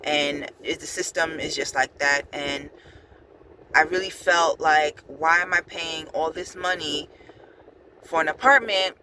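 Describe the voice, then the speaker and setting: A woman vlogging casually from her car, telling a story with many ums and an animated, chatty manner. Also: deep voice, measured pace, background noise.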